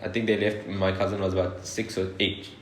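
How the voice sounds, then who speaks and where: Lower-voiced South African man, echoey. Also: flat delivery, brisk, slight background noise. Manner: chatty, explaining, laughs along. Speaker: podcast co-host. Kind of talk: casual chat. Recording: roomy echo.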